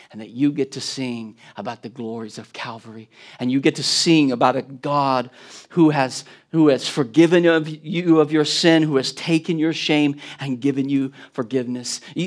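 A man preaching a sermon as a guest preacher. He speaks emphatically, asks the congregation questions, and repeats words when he gets excited. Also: fairly high pitch.

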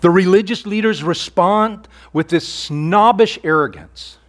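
Male pastor, sermon delivery, slightly high voice, earnest and conversational with hushed emphasis. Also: measured pace. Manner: earnest preaching, rhetorical questions, drops to near-whisper on key lines.

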